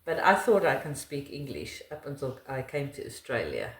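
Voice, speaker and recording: A woman's voice: rumbling low, big pitch swings, moderate pace, roomy sound. A middle-aged South African woman, her first language Afrikaans, with an Afrikaans accent, talking in a casual interview in an emphatic, laughing way.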